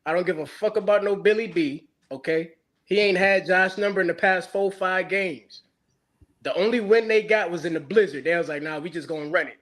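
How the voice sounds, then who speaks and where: A man's voice: sits high, fairly quick, a bit bright. A young man in a casual podcast chat, trash-talking rival fans in a brash, profane way.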